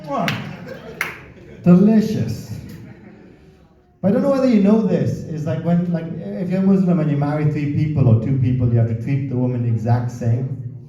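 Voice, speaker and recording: A man's voice: on the high side, normal speed, pauses often, dark tone. A man doing a crude, swearing stand-up comedy set, working the crowd in a casual, chatty way. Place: comedy club stage. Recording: roomy, distant, dull club recording.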